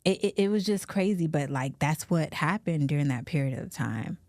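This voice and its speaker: Encouraging radio host with a lower voice. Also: female voice, lively intonation, moderate pace, no room sound, clean studio sound. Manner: warm encouraging interjections, frequent mm-hmm. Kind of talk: casual radio interview.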